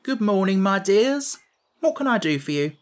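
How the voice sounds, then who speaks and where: A man voicing a pleasant, easygoing gatekeeper in a storybook reading, rising high when astounded. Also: sing-song, normal speed. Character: hearty, easygoing man guarding a city gate.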